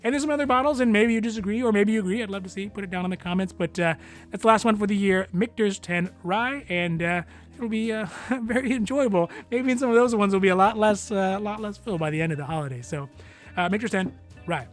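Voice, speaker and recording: Man, fairly high voice, casual vlog host, rambling, filler words, soft music underneath. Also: quick pace. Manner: relaxed, rambling, many fillers and chuckles. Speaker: whiskey channel host.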